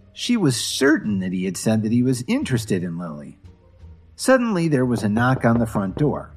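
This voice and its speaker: A man narrating a scripted story in an expressive, animated reading. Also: mid-range voice, husky.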